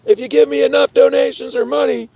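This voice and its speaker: A man putting on the voice of a pushy male TV pitchman, selling in a shouted pitch. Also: little pitch movement, fast, vocal fry, dry recording, full character voice.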